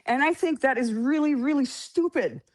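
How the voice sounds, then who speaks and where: A woman's voice: sits high, normal speed. Earnest woman explaining a point. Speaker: debate panelist. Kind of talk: casual live debate.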